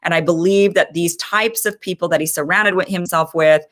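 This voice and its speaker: A woman's voice: fairly low pitch, steady tone, moderate pace, fairly bright tone. A woman in her thirties giving impassioned, frustrated political commentary as host of her own show.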